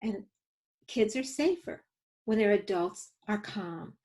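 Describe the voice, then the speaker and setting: A woman's voice: medium pitch, lively intonation, slow, a little mellow, low-quality recording. A woman safety educator teaching a webinar over a video call, telling stories and coaching her audience through exercises in an earnest way. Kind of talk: webinar teaching with live demos.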